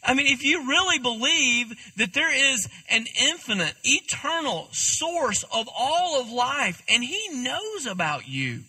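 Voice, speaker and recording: A man preaching a sermon with a high, piercingly bright voice that carries a husky edge. He talks candidly and conversationally, mixing self-deprecating asides into his teaching. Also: very animated, measured pace, few pauses. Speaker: pastor.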